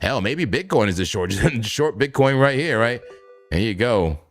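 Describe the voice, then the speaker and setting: A man's voice: mid-range voice, animated, a little slow, faint music behind. A man casually commenting on live trading charts, laid-back, chuckling often and repeating his phrases. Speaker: crypto trading streamer.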